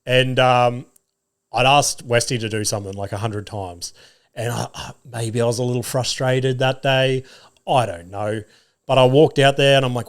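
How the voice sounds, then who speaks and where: A man, hosting a solo podcast and telling sweary, animated stories about family life. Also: medium pitch, a little fast. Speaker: podcast host.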